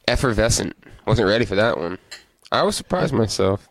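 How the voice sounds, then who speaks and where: A man's voice: on the low side, normal speed, hardly any pauses, poor audio. A man co-hosting a podcast, chatting casually and rambling about movies and beer. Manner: relaxed, rambling, reads beer labels aloud. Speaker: podcast co-host. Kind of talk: casual chat.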